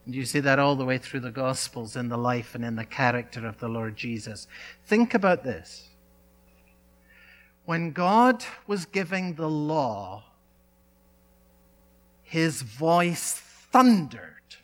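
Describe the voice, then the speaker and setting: A male pastor delivering a sermon, speaking in emphatic phrases with dramatic pauses and repetition. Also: mid-range voice, sing-song, a bit bright.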